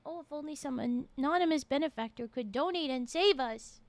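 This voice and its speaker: High-voiced woman reading on stream. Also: a little fast, no room sound. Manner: lively, quips to chat. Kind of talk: live-stream story reading.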